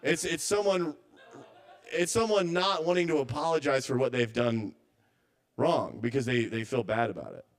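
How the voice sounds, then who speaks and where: A man's voice: mid-range voice, moderate pace. A man doing a stand-up set at a live open mic, rambling and self-doubting, stammering through restarts.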